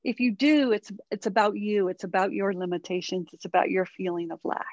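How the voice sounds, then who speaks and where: A woman's voice: medium pitch, fairly quick, dry recording, lo-fi sound. A middle-aged woman, a parenting guest in an interview, talking animatedly and often checking in with "right?". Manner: animated, acts out quoted dialogue, many tag questions. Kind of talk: interview conversation.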